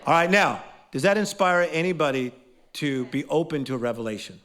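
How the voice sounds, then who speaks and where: A man teaching a live motivational class, energetic and playful, leading call-and-response and quizzing his audience. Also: fairly high pitch, fairly quick.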